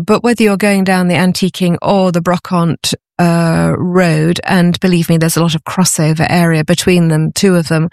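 Interview guest, enthusiastic storyteller, slightly rough voice, mid pitch. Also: dry recording, studio quality. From Britain. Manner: enthusiastic, warm storytelling, many fillers and restarts. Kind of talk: conversational interview.

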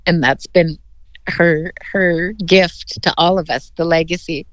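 Heartfelt woman, smooth and dry. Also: on the low side, steady tone, no room sound. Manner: heartfelt, measured, with frequent "you know". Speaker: politician interviewed as a guest. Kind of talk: remote news interview.

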